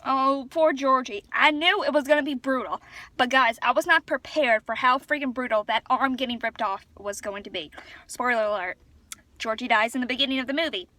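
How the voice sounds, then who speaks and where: A woman talking casually into her phone camera as a vlogger, chatty and rambling as she gets excited. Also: high voice, fairly quick, no room sound. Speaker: vlogger reviewing a film. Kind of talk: casual chat.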